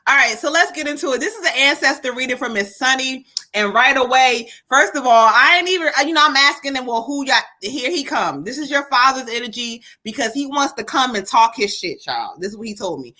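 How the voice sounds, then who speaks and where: A woman tarot reader on a live stream, speaking in a bright, slightly high voice. She giggles often and swears casually while she passes along messages. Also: a little fast. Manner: giggly, animated, swears freely. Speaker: psychic reader. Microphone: webcam or phone on a live stream.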